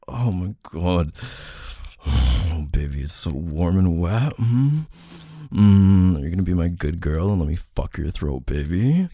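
A man performing an intimate adult audio role-play in a dominant, teasing way, with soft moans and whispered asides. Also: deep voice, animated, slow, dry recording, studio quality.

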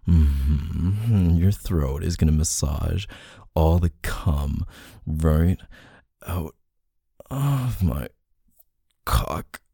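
A man performing an intimate adult audio role-play in a dominant, teasing way, with soft moans and whispered asides. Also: a bass voice, animated, extremely slow, vocal fry, pauses often, breathy edge, dry recording, studio quality.

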